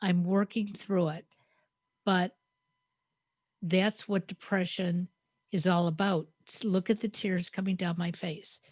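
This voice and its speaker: Woman podcast co-host, lowish voice, dry close sound, reflective storyteller. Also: steady tone, slow, pauses often, darkish tone, dry recording. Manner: reflective, storytelling with hesitant fillers. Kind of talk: conversational podcast talk.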